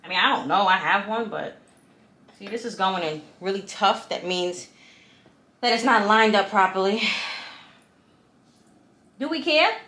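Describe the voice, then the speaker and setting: Woman talking to camera while building stuff, fed up, bright tone, echoey room. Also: medium pitch, moderate pace. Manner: talkative, exasperated, addresses viewers as y'all. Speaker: vlogger. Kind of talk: casual chat to camera while assembling furniture. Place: room at home. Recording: echoey room with faint noise.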